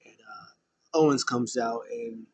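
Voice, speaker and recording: A man at a middle pitch talking through a casual recap, loose and rambling. He fills the gaps with "uh" and "like" and slips into quick impressions of the people he describes. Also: slightly rough. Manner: loose and rambling, many fillers, acts out quotes. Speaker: podcast host.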